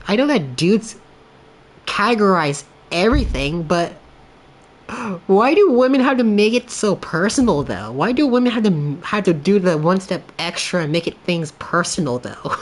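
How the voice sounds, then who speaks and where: A man's voice: high-pitched, unhurried. A man streaming a game and talking in a loose, casual way, full of "like" and restarts, laughing often and putting on voices as he retells clips. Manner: rambling, filler-heavy, laughs often; animated storytelling with quoted voices. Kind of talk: casual livestream chat.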